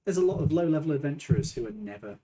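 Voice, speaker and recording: A man's voice: on the high side, big pitch swings, rapid-fire, mellow, poor audio. A man narrating a tabletop game as game master, irreverent and swearing casually. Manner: irreverent, swears, laughs often.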